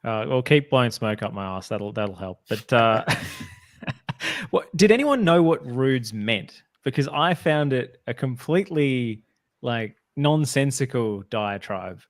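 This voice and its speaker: A man's voice: medium pitch, animated, measured pace, dry recording, clean studio sound. A man hosting a casual podcast chat, wry and joking. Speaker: podcast host.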